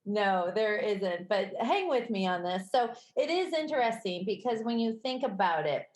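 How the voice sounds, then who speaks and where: A woman with a Midwestern accent co-hosting a podcast in casual chat, conversational and quick to laugh. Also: medium pitch. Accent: Midwestern American. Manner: conversational, laughs easily, self-correcting. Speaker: podcast co-host. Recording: roomy echo.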